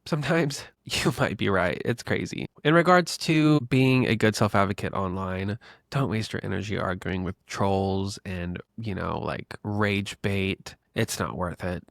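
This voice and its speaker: A young man with a gravelly, fry-edged voice, pitched a little low, chatting through his own story on a podcast. He talks casually and loosely, packed with fillers, and calls his listeners besties. The sound is close and dry, with no room around it. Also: unhurried, no room sound. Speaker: podcast host. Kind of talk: casual solo podcast talk.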